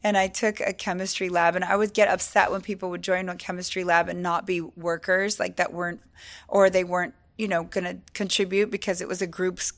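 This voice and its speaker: A middle-aged woman from California co-hosting a podcast in casual chat, an animated storyteller who acts out the people she quotes. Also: fairly low pitch, fairly quick. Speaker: podcast co-host.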